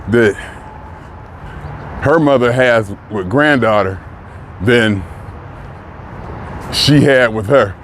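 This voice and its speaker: A man's voice: mid-range voice, a little hiss or hum. A man in his early sixties talking frankly in a casual vlog monologue while out walking, often chuckling as he talks. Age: 60s. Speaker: vlogger. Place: outdoors, walking.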